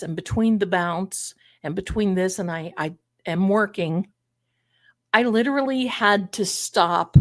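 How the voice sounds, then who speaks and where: A chatty woman talks to her live-stream viewers in an unhurried, animated way, calling them her loves. Her voice sits at a middle pitch and sounds close and dry, with no room around it. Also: dry recording. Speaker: livestream host. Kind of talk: casual live-stream chat.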